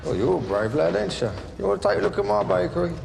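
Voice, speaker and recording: An actor playing a volatile, menacing gangster baker and distiller, with a gravelly, mocking voice that swings from loud to hushed. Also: male voice, high-pitched, sing-song, fast, noisy background, heavily acted. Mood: taunting. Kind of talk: television crime drama.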